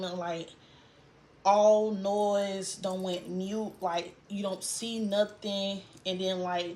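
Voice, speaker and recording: A woman's voice: medium pitch, dark tone, slight background noise. Young woman telling a painful story. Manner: halting, trailing off, fighting tears. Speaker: vlogger. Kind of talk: emotional personal storytelling.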